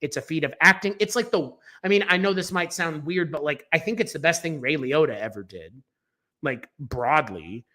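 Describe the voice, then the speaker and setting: A man's voice: fairly high pitch, lively intonation, moderate pace, pushed and bright. A man co-hosting a film podcast, giving strong, emphatic opinions in a casual, rambling way with fillers and restarts.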